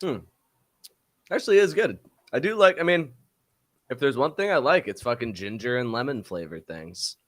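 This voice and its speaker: A man's voice: medium pitch, animated, normal speed, long pauses. A man hosting a live podcast stream, joking around and swearing casually while tasting drinks. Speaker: podcast host.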